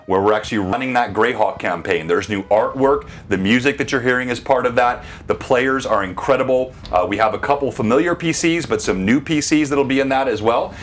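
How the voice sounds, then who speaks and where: A man hosting a live tabletop game stream as game master, making announcements and narrating scenes dramatically. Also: medium pitch. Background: faint music.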